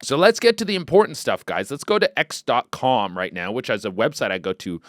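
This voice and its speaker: A man hosting a comedy podcast, rambling and swearing freely, with loud excited outbursts. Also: medium pitch, brisk, no room sound, clean studio sound. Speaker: podcast host. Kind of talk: casual comedic podcast chat.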